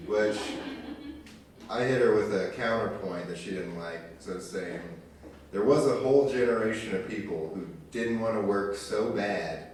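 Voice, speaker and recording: Young male stand-up, lowish voice, loose and crude, picked up from far back in a very echoey hall with crowd noise. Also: normal speed, a little mellow. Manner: loose, crude, conversational storytelling. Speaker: stand-up comedian. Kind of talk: stand-up set. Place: live stage in a community arts venue. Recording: very echoey room recorded from far off. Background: crowd ambience.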